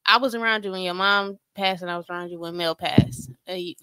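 Podcast co-host, woman, earnest and reassuring, bright tone, dry sound. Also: fairly low pitch, fairly even intonation, brisk, smooth, no echo. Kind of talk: casual heartfelt conversation.

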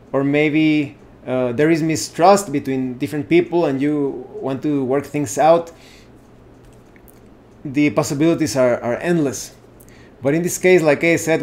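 Higher-voiced man explaining at an easy pace. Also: darkish tone. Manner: unhurried, improvising with frequent self-corrections. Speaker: channel host explaining solo tabletop games. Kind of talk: casual explanatory talk.

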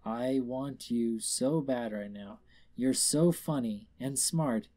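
A man reading aloud and voicing a calm, gentle male changeling doll creature. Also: mid-range voice, slow pace, natural voice.

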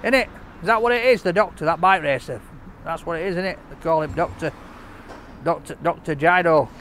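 A man's voice: on the high side, fairly quick, noisy background. Chatty man reviewing takeaway food. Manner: chatty, enthusiastic, jokey. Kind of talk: casual food review vlog.

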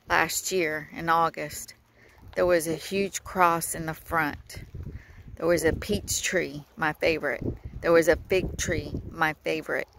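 Breathless woman, slow and earnest, faith vlog recorded on a phone outdoors with wind noise. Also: fairly low pitch. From Texas. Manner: slow, earnest, with frequent laughs and pauses. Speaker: vlogger. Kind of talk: casual religious vlog. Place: outdoors by the water at sunset.

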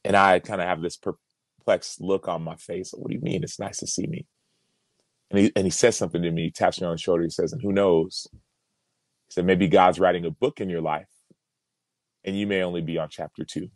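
A man with a very low, deep voice tells a personal story as a podcast guest. He speaks earnestly and reflectively, circling back on words as he works through a thought. The sound is dry and close, with no room in it. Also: fairly even intonation, brisk, no room sound. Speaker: podcast guest, former pro football player.

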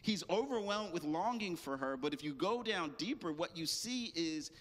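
A man's voice: fairly high pitch, lively intonation, normal speed. A man preaching a sermon as pastor, casual and joking with slang asides. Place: church. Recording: long hall reverb.

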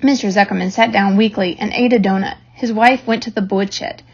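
A woman reading a children's novel aloud in a steady storytelling manner, on a dull lo-fi recording. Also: mid-range voice, fairly quick, husky. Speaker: reader.

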